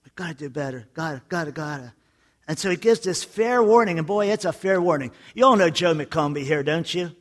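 High-voiced man preaching a lively sermon. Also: a little fast. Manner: lively storytelling preacher with jokes and emphatic repetition. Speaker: pastor.

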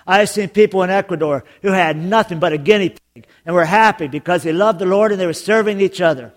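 A man preaching a sermon as pastor, telling jokes and stories in an animated way. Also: high-pitched, fast. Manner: joking, animated storytelling with laughs.

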